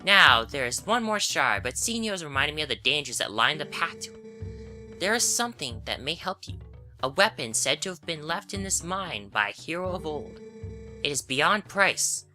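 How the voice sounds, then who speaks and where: A woman voicing a solemn old male rock-creature elder, speaking slowly and formally in a put-on bad Italian accent. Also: low-pitched, sing-song, sharp tone, full character voice. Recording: game music behind voice.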